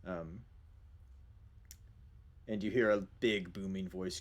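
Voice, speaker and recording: A man narrating a tabletop game as game master, his voice low and his delivery casual and rambling. He pauses often with fillers and keeps the tone light. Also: fairly even intonation.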